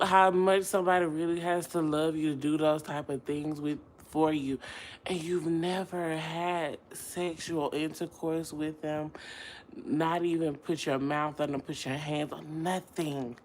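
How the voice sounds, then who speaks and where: A young woman telling a personal story straight to her viewers in a slangy, emotional way, sliding from low murmurs into loud laughing outbursts. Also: steady tone, measured pace, slight background noise. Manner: slangy, addresses viewers directly. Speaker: vlogger.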